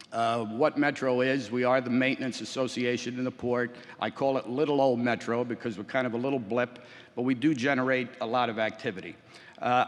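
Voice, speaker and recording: A middle-aged man giving a prepared convention speech from a podium, telling a story with dry humor and many small hesitations. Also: mid-range voice. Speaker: convention speaker, port employers' association representative. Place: large convention hall. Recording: long reverb of a big hall.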